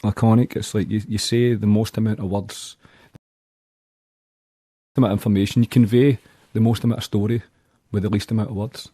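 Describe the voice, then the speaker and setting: A man's voice: fairly low pitch, little pitch movement, a little fast, mellow, dry recording, studio quality. A man with a Glaswegian accent, talking bluntly and plainly as a musician in a casual interview. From Scotland. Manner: blunt, plainspoken, uses local slang. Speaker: musician guest.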